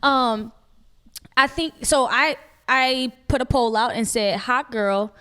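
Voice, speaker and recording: A woman's voice: a little high, slow, a bit bright, smooth. A woman co-hosting a podcast in casual chat, laughing often and talking in slang. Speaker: podcast co-host.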